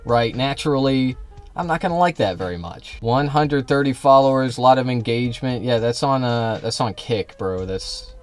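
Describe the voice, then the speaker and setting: A man's voice: medium pitch, lively intonation, moderate pace, faint music behind. A man streaming live, arguing with his chat in a combative, sarcastic, profane way. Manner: sarcastic, mocking. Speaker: livestreamer.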